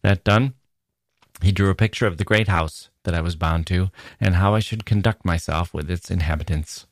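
A man reading a classic novel aloud as an audiobook narrator, in a measured, steady storytelling manner. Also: deep voice, no room sound, studio quality. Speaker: audiobook reader.

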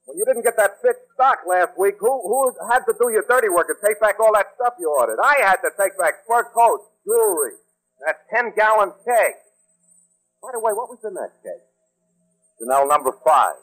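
Brash wisecracking secretary, high bright voice, 1940s radio comedy. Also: male voice, expressive, normal speed, soft background music, low-quality recording. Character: brash wisecracking male secretary, young adult. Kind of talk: 1940s radio sitcom acting.

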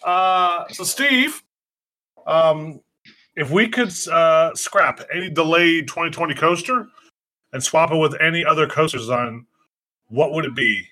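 Bright-toned man reading listener questions. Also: a little high, a little slow. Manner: teasing, swearing, hesitant with fillers when reading. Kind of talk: casual chat.

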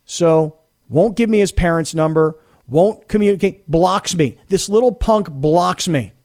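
Man, radio host, high-pitched, animated, indignant, middle-aged. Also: a little slow. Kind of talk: sports radio talk.

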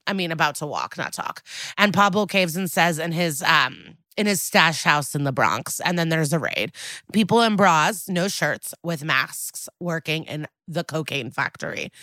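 A woman with a fairly low voice tells a story in a relaxed, chatty way, with a lot of fillers. She acts out quoted lines, and her pitch leaps up for each one. The sound is dry and close to the mic. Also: no room sound. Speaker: podcast co-host recapping an episode. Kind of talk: casual chat.

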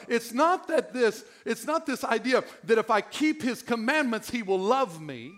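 A middle-aged man pastor preaching a sermon in an animated, joking way. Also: very high voice, normal speed, few pauses.

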